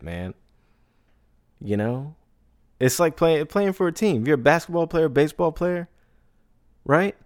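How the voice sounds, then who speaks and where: A man's voice: low-pitched, darkish tone, no room sound, studio quality. A man hosting a podcast who talks casually, often asking "right?" and laughing as he goes. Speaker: podcast host. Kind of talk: casual solo podcast talk.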